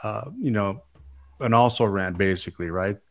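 A former football coach in a casual chat, giving measured, thoughtful analysis. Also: male voice, fairly low pitch.

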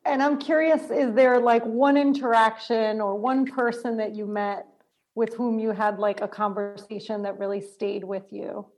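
A woman's voice: fairly high pitch, fairly even intonation, normal speed, a little mellow, poor audio. A woman hosting a casual interview, asking friendly questions and often saying "like". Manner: friendly, uses frequent "like" fillers. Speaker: interviewer, host.

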